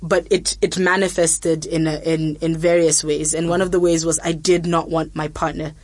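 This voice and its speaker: A woman's voice: sits low, moderate pace, no room sound. A young woman, hosting a frank, casual chat full of fillers and quoted asides. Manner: frank, chatty, many fillers, animated quotes. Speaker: podcast host.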